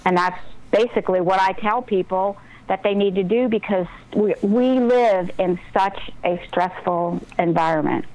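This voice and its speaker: A woman's voice: medium pitch, rough recording. Woman author, radio guest, earnest motivational delivery. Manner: earnest, motivational, talks about breathing and intuition. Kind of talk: casual radio interview.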